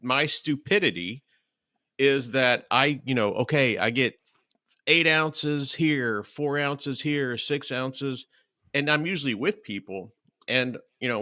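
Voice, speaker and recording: A man hosting a podcast, telling a lively story and acting out the quoted lines in casual chat. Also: mid-range voice, no echo, clean studio sound. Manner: lively, acts out quoted dialogue. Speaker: podcast host.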